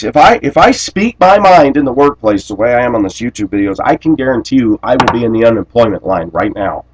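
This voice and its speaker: A man delivering a rambling personal monologue to camera, blunt and aggrieved, often clearing his throat. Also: mid-range voice, low-quality recording. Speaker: vlogger.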